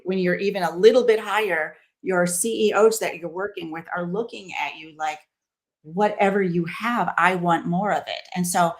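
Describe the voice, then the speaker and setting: Woman, podcast guest, lower voice, animated, lists examples, acts out quotes. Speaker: guest, company founder. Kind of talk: podcast conversation.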